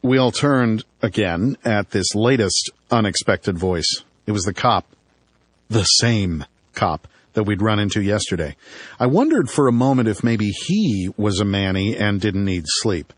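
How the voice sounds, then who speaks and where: Man, audiobook narrator, low voice, dry wry tone, close dry sound. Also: expressive, a little slow, slightly rough, no room sound. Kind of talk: first-person audiobook narration.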